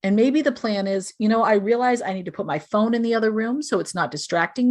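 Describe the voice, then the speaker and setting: A woman's medium-pitched, slightly mellow voice moves at a fairly quick pace. She's being interviewed on a podcast, earnestly explaining parenting advice and acting out things parents might say.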